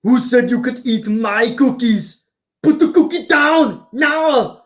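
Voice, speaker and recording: A man's voice: extremely high pitch, lively intonation, slow, full character voice. A man doing an impression of a famous muscular action-movie star who barks commands in a heavy accent. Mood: barking orders.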